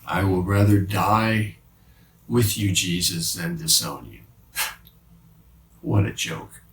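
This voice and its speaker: A man playing the apostle Peter as a remorseful fisherman, confessing haltingly in a dramatic monologue with many restarts. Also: sits low, a bit bright, full character voice. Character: remorseful male fisherman apostle, middle-aged, haunted by guilt. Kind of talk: dramatic first-person monologue. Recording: roomy sound from a distant mic.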